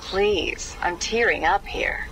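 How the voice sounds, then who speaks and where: A sly, sarcastic cat burglar. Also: female voice, medium pitch, slow, a bit bright, soft background music, poor audio.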